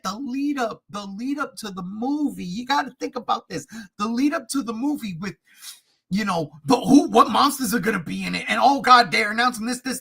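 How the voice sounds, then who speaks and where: A man co-hosting a casual podcast, talking as an excitable, swearing movie fan. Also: very high-pitched, vocal fry, husky. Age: adult. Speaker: podcast co-host. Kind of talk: casual chat.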